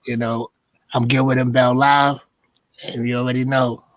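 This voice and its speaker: A man's voice: medium pitch, flat delivery, normal speed, no room sound. A man with a Brooklyn accent co-hosting a casual talk show in a laid-back, playful way. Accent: Brooklyn New York. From Brooklyn, New York. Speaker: co-host.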